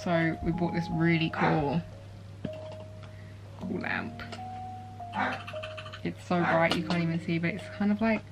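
Soft-voiced slow-talking young woman vlogger. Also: lowish voice, fairly even intonation, vocal fry. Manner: chatty, easily moved, fond with her pet. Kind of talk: casual vlog chat. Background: background music.

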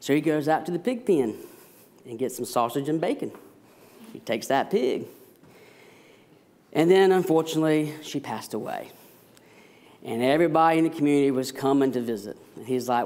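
A man's voice: mid-range voice, moderate pace, pauses often. A man, an associate pastor, preaching a sermon and telling a story with jokes. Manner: storytelling, animated, self-deprecating jokes.

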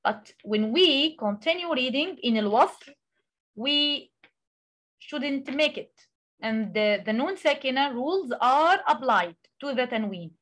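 A woman who speaks Arabic natively, teaching a tajweed lesson in English, explaining with many pauses and reciting examples. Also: high-pitched, expressive, fairly bright tone. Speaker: Quran recitation tutor.

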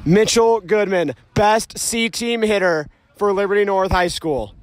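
A young man giving casual, joking play-by-play commentary outdoors at a backyard game, getting excitable and shouting on big hits. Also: high-pitched, a little slow, a little hiss or hum. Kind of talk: casual amateur sports commentary. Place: outdoors at a backyard ball field.

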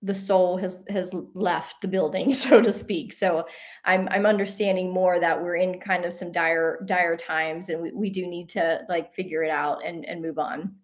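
A woman's voice: on the low side, moderate pace. A woman hosting a talk show, speaking in an earnest, rambling, unscripted way with many fillers and restarts. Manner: animated when telling a story, breaking into laughs. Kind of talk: casual unscripted monologue.

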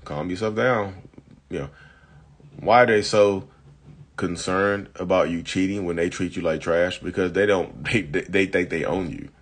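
A man's voice: deep voice, normal speed, husky. A man hosting a casual live chat, reading viewer comments and answering bluntly, still coughing from an illness. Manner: blunt, chatty, addresses viewers as y'all. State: getting over illness, coughing. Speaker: live-stream host.

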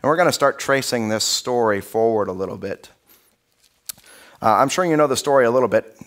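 A man preaching a sermon as pastor in a church, in a conversational, animated storytelling way. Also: medium pitch, a little fast. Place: church sanctuary.

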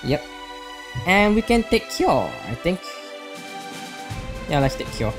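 A man's voice: high voice, very animated, slow. A man hosting a let's play, reading story text aloud and making casual comments as he hesitates over his choices. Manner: hesitant, with frequent ums. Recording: faint background music.

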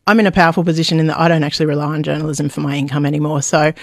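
A middle-aged Australian woman journalist speaking frankly in a radio interview, animated and hesitant with fillers. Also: deep voice, rapid-fire, gravelly, no room sound, studio quality. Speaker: journalist guest.

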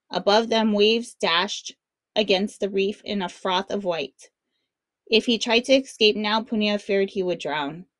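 A woman reading a children's picture book aloud with expressive, dramatic narration. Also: medium pitch, no echo. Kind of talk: read-aloud storytelling for children.

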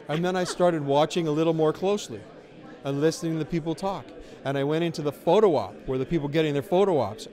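Middle-aged guy chatting at a festival interview, wry and self-deprecating, voice on the higher side. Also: darkish tone. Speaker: interviewee, filmmaker. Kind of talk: casual interview chat. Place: outdoors at a festival.

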